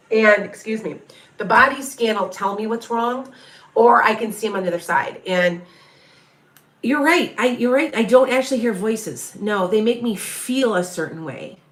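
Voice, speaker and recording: A woman doing a live psychic reading speaks at a moderate pace, her voice somewhat high and a bit bright, in an echoey space. Her answers to questions are casual and meandering, with many sentences left unfinished.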